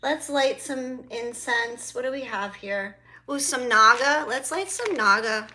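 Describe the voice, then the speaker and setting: A woman's voice: a little high, expressive, measured pace, pushed and bright. A woman hosting a casual spiritual livestream from her phone, greeting viewers by name and swearing freely. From South Florida. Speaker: livestream host and spiritual reader.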